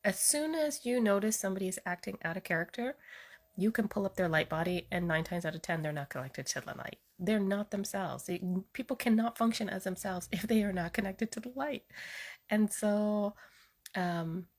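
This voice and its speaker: A woman's voice: mid-range voice, expressive, moderate pace. A woman speaking as a spiritual healer, telling stories in a casual, chatty way with frequent fillers. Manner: chatty, storytelling, many fillers. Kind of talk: casual spoken monologue.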